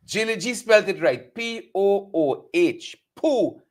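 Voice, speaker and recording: A Guyanese man delivers satirical commentary in a high voice that leaps up and down as he talks. He hammers his points by repeating them and mimicking others. The delivery is animated and mocking. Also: slow pace. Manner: animated, repeats lines for emphasis, mocks with mimicry. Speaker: host.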